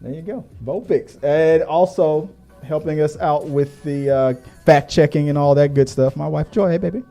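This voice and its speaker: A man hosting a live movie talk stream, energetic and joking, rambling a bit between topics. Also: on the high side, moderate pace, faint music behind. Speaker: podcast host.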